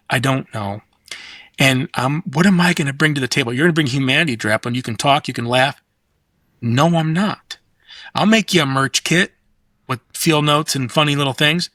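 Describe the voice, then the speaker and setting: A middle-aged man chatting as a podcast guest, rambling and profane as he tells animated stories. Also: medium pitch, no room sound. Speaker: guest designer. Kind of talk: casual podcast chat.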